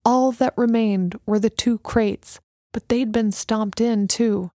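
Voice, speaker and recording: A woman narrating a story in a measured, even storytelling manner. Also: fairly high pitch, dry recording, clean studio sound. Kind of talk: audiobook narration.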